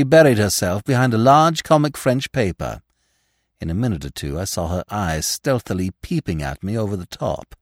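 Expressive male audiobook narrator. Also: lowish voice, normal speed, no room sound, clean studio sound. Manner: expressive storytelling. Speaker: podcast host and reader.

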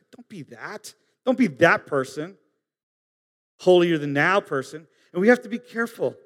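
A man's voice: expressive, fairly bright tone. Man preaching in an echoing hall. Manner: earnest, pausing, rising to emphatic peaks and dropping low. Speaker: pastor. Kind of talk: sermon.

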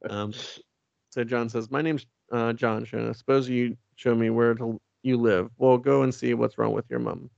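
A man's voice: medium pitch, steady tone, normal speed, vocal fry, darkish tone, dry recording, dull audio. A man co-hosting a comics podcast, reading the story aloud in casual chat and acting out the characters' lines with playful voices. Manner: reads comic dialogue with playful voices, laughs often. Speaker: podcast co-host.

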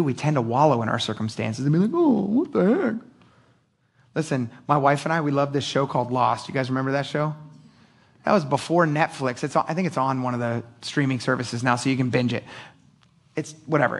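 A middle-aged man preaching a sermon, animated and casual, joking and acting out voices. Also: on the high side. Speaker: pastor.

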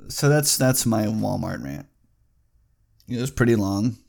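Young male vlogger, gravelly fry, swearing through a heated rant with sudden loud jumps. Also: a little slow, pauses often. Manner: profane, heated ranting that swings loud and high. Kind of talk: casual storytelling rant.

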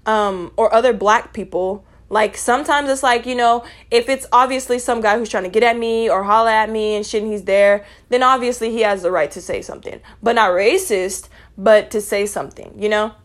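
A young woman with a fairly high voice delivers a heated personal rant straight to her viewers. She is blunt and profane, and she talks to her audience as "y'all" with open exasperation. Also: fairly quick, few pauses. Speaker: vlogger. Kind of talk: angry personal rant to camera.

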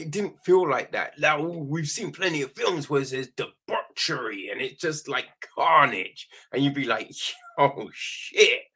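Slow, husky man riffing on a film. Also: a little high. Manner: animated, keeps asking "right?", acts out quick quoted lines, swears freely. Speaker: film reviewer. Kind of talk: casual spoken film critique.

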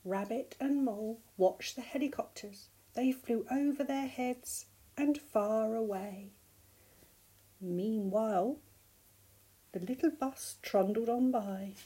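An older grandmother gently reading a picture book aloud to an unborn grandchild, soft and slow. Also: fairly high pitch, slightly rough.

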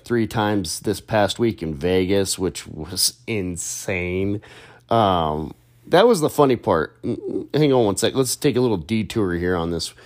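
A man's voice: low voice, a little mellow. A young adult man and content creator, talking in a casual, chatty monologue full of restarts and fillers.

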